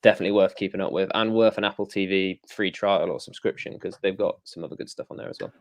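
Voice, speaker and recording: A man, a guest reviewer chatting casually and with enthusiasm, often pausing on ums and uhs. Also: low voice, fairly even intonation, dry recording. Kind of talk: casual chat.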